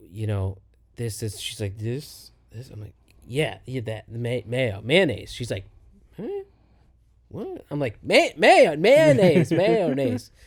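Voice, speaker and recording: A young man co-hosting a comedy podcast, telling a story in a casual, animated way and acting out both sides of the conversation. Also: medium pitch. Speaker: podcast co-host.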